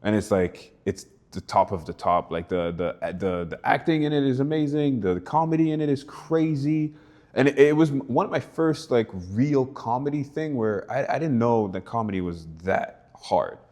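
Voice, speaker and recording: A young man from Canada, an actor guest in a casual interview, telling animated stories and acting out quotes with laughs. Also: mid-range voice, moderate pace.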